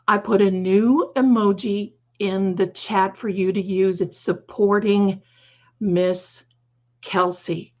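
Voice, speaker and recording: A slightly hoarse woman hosting a live stream, chatting fondly with viewers and calling them her darlings. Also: medium pitch, highs cut off. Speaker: livestream host. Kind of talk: casual livestream chat.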